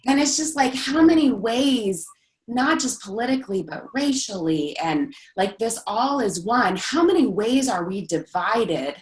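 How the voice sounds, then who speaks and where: A woman's voice: on the high side, lively intonation, a little slow, roomy sound, low-quality recording. A woman in a casual group discussion, telling a rambling personal story with lots of "like" and restarts. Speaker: group member sharing a story.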